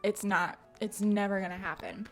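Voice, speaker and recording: A woman's voice: medium pitch, steady tone, normal speed, lightly acted. A young maid refuses, flustered yet firm, as a woman narrator puts her on. The voice stays close to a casual storyteller's own, with faint music behind.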